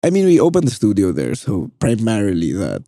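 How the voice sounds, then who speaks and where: A man with a Filipino accent, a musician and DJ, chatting casually as a podcast guest in a relaxed, laid-back way. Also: lowish voice, fairly quick, no echo, clean studio sound. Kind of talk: casual podcast chat mixing Tagalog and English.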